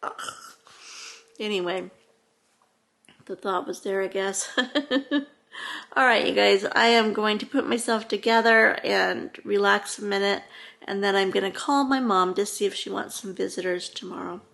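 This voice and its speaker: A woman's voice: medium pitch, steady tone, moderate pace, vocal fry, a bit bright. A middle-aged woman talking casually to her viewers from home, rambling with lots of "you know" and restarts. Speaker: vlogger. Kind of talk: casual talking-to-camera vlog. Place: at home, indoors.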